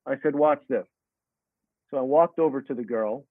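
A middle-aged tennis coach answers an interview question in a mid-range voice at a normal pace, speaking earnestly and reflectively and restarting his sentences often. The line is dry and tinny, like a phone call, with no echo.

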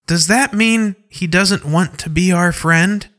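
A man's voice: high-pitched, slow, fairly bright tone, pitched above the performer's own voice. Man voicing a small hurt tribe creature. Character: timid young tribe creature, gentle and hurt.

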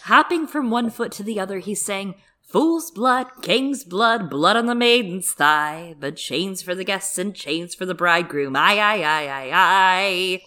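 A capering male court fool chants his rhyme in a raised, piping sing-song, as a woman puts him on while reading aloud. He is loud and strident, hopping from one word to the next with eerie glee. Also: medium pitch, expressive, a little fast, hardly any pauses, pitched above the performer's own voice.

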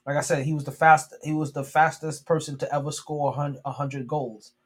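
A man's voice: on the high side, flat delivery, brisk. Slangy, rambling male podcast host. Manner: rambling, profane, frequent restarts. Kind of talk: casual sports podcast talk.

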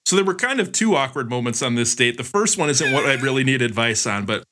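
A man's voice: mid-range voice, expressive, fast, bright, forceful tone. A man co-hosting a podcast in casual chat, a rambling storyteller with a wry, self-mocking manner. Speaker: podcast co-host.

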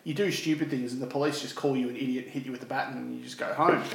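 A man's voice: mid-range voice, steady tone, very fast, creaky, a bit bright, echoey room. A man with an Australian accent hosting a casual podcast, telling stories in a laid-back way with frequent laughs. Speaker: podcast host. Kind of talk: casual chat.

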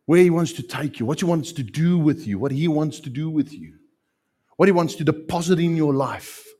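A man preaching a sermon as pastor, animated and repeating phrases for emphasis. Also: on the high side, normal speed.

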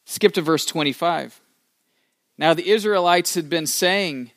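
A man preaching a sermon as the pastor, telling the story with playful acted-out asides and shifting between loud and soft. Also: on the high side, animated, measured pace, dry recording, clean studio sound.

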